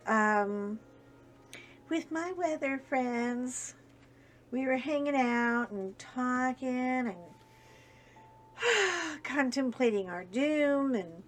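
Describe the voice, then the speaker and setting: A woman vlogger chatting casually to viewers while she works on a craft project, rambling along with self-deprecating humor. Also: a little high.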